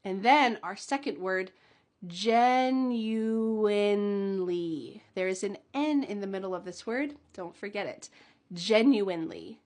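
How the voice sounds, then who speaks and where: A young adult woman teaching English pronunciation, slowly sounding out model words and sentences for learners to repeat, with small laughs between them. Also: medium pitch, animated. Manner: slow, drawn-out model words with light laughs. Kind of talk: pronunciation lesson.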